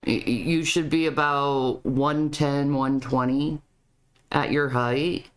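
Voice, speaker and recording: A woman's voice: rumbling low, steady tone, takes it slowly. A woman commenting on a video clip, often stammering and repeating her words. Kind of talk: reaction commentary.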